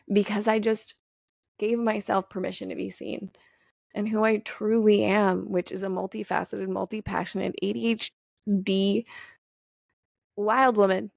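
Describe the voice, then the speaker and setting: Gravelly-voiced woman hosting a candid podcast. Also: mid-range voice, no echo, studio quality. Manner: candid, profane, animated storytelling. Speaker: podcast host. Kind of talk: casual solo podcast monologue.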